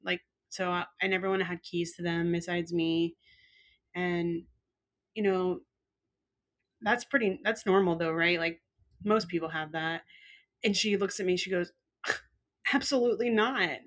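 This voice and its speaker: A woman's voice: fairly low pitch, unhurried, pauses often. A woman co-hosting a podcast, telling funny stories in casual chat, acting out quoted lines with frequent laughs. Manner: animated storyteller acting out quotes, laughs often. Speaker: podcast co-host.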